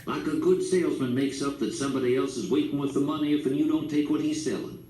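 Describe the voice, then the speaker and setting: A man's voice: medium pitch, quick pace, dark tone, natural voice. A man voicing a stubborn old storekeeper who talks bluntly in folksy dialect. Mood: exasperated. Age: older. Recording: echoey room, distant mic, faint hiss.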